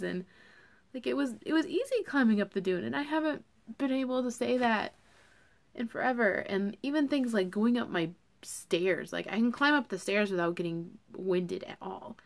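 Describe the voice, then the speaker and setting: A woman's voice: a little high, animated, normal speed, vocal fry. Chatty young woman vlogging. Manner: chatty, full of fillers and "like". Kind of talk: casual chat to camera.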